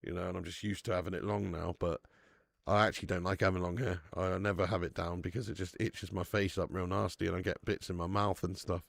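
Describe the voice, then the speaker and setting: A man hosting a live football watch-along stream, chatting casually, swearing freely and loudly hyping up viewers who tip. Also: deep voice, little pitch movement, quick pace, creaky, dry recording. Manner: casual and sweary, with loud bursts of hype thanking viewers.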